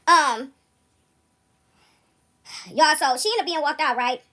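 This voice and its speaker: A woman telling a story to her viewers in a casual, animated way, checking in with "right?" after almost every point. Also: high voice, slow pace. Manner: animated, keeps asking "right?". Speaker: vlogger. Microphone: phone recording app.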